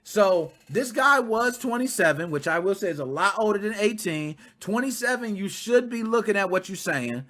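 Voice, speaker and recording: A man in his thirties hosting casual commentary, talking straight to his viewers in a blunt, profane, animated way. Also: high-pitched. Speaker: commentary channel host.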